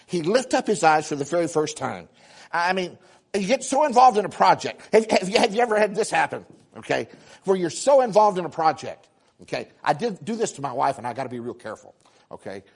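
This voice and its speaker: A man preaching a sermon, telling stories with animated acted-out exclamations and quick repeated starts. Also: fairly high pitch, gravelly, breathy edge. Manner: animated, acts out voices and exclamations, frequent repeated words. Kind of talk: sermon storytelling.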